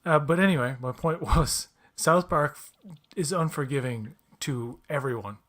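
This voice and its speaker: Man, slightly high voice, swearing storyteller, casual podcast chat. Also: normal speed. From Newfoundland, Canada. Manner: animated, profane storytelling with mimicked quotes. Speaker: podcast co-host.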